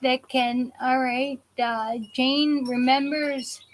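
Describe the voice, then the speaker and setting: Woman host, casual live chat, slow unhurried talk, rambling restarts, faint background hiss. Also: sits high, fairly even intonation, poor audio. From South Jersey. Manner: rambling with frequent restarts and fillers. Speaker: host of a live patient show.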